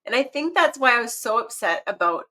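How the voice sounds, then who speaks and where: Animated woman telling stories. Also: on the high side, brisk, low-quality recording. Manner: animated storyteller, laughs often. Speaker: podcast guest. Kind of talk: casual podcast conversation.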